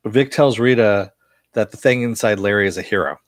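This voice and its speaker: A low-voiced man rambles through an episode recap, swearing freely and filling pauses with "uh" and "you know." The sound is dry and close to the mic, with no room around it. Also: no room sound. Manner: loose, profane, chatty with frequent fillers. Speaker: show reviewer.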